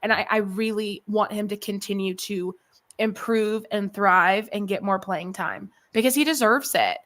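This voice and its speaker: A woman's voice: medium pitch, moderate pace, fairly bright tone. Emotional, swearing young woman podcaster. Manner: emotional, rambling, salty language. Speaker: podcast co-host. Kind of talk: casual sports chat.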